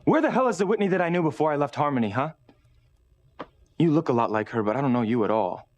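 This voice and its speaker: A man's voice: fairly high pitch, lively intonation, fast talker, darkish tone, dull audio, lightly acted. An actor playing a betrayed young man who demands answers, in sarcastic, insistent soap opera dialogue. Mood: angry. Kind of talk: daytime soap acting.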